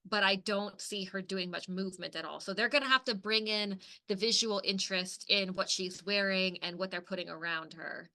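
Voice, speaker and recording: A woman's voice: medium pitch, moderate pace, few pauses, pushed and bright. A woman co-hosting a podcast in casual chat, talking loosely with lots of filler words and the odd swear. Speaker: podcast co-host.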